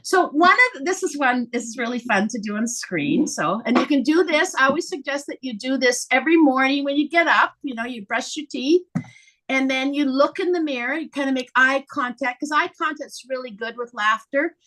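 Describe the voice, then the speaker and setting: A woman leading a live laughter yoga session over a video call, animated and often breaking into laughter as she guides breathing. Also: high-pitched, brisk.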